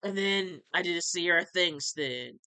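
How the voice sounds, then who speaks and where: A man in his late twenties doing a profane, erratic comedy vlog in the style of a well-known internet character, with shouting bursts. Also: high voice, measured pace, smooth, no echo. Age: 20s. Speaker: amateur comedy YouTuber. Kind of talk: crude ranting comedy vlog.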